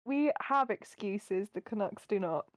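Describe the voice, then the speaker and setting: A woman's voice: mid-range voice, expressive, measured pace, no echo, clean studio sound. A tired woman co-hosting a podcast from bed at home, talking bluntly in casual chat. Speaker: podcast co-host.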